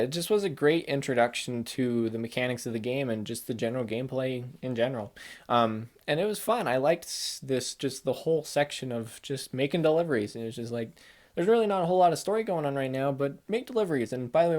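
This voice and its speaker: A man's voice: medium pitch, expressive, quick pace, darkish tone. A young adult man in a casual chat, rambling with enthusiasm and acting out quoted lines in put-on voices. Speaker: game reviewer.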